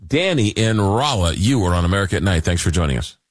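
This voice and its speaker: A man's voice: low-pitched, very animated, dry recording. A man hosting a late-night call-in radio show, reading listener messages and talking with callers, with frequent fillers and restarts. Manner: reads listener messages aloud, halting with fillers. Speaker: radio talk show host.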